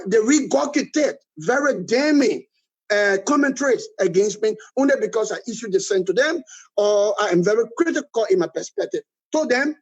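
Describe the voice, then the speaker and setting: A man's voice: high voice, highs cut off. A man with a Liberian accent, a political guest giving emphatic critical commentary and often adding "all right?".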